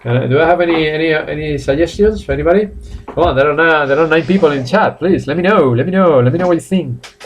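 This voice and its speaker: A man teaching a live online English class, laughing often and repeating phrases slowly for his students; he says he is a little tired. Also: fairly high pitch, slight background noise.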